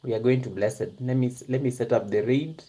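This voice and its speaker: Hushed giggly streamer, mellow tone, talking to chat. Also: medium pitch, fairly quick, slight background noise. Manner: hushed half-whisper, giggly, chatty; talks straight to viewers in the chat. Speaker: live-streaming YouTuber. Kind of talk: casual live-stream chat.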